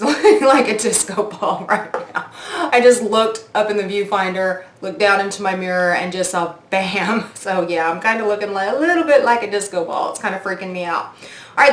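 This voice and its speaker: A woman's voice: medium pitch, roomy sound. A woman in her forties doing a makeup review vlog, gushing and oohing as she tries products at her mirror. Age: 40s. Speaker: beauty vlogger.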